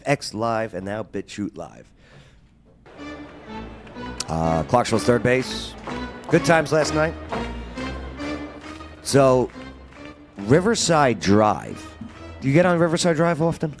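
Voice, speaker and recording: A lively man hosts a loose, joking chat show. His pitch swings widely as he banters, and faint music plays underneath. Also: unhurried, pauses often. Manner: animated, joking, plugs the show. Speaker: show host. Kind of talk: casual talk-show banter.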